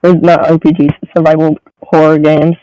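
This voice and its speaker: Man, high mellow voice, slow talker, giggly and self-mocking, casual chat, slightly muffled mic. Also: monotone, no echo, soft background music. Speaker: co-host.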